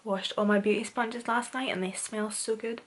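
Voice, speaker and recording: A woman's voice: a little high, fairly even intonation, moderate pace, slight background noise. A young woman from Northern Ireland with a Northern Irish accent, talking casually through a makeup tutorial in a chatty, self-deprecating way. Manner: chatty, self-deprecating, says "wee" a lot. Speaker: beauty vlogger.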